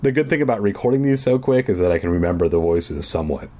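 A man's voice: deep voice, lively intonation, fast talker, darkish tone. A man reading a book aloud with offhand, joking asides. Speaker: reader. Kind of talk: casual audiobook reading with asides.

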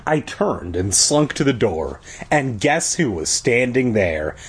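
A man reading a story aloud for laughs, slow and husky with a lively, swinging pitch. He breaks off for crude, sarcastic remarks. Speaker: reader. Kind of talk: comedic book reading with crude asides.

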